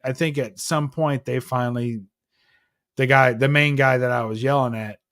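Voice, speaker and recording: Male host, mid pitch, profane storyteller, dry sound. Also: steady tone, normal speed, a bit bright, no echo. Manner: profane, heated storytelling with acted-out quotes. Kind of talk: casual chat.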